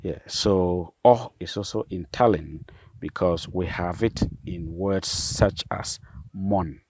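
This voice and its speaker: A man, a pastor, patiently explaining vowel sounds and repeating each example word slowly. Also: low-pitched, darkish tone, husky, no room sound. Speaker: pastor and language teacher.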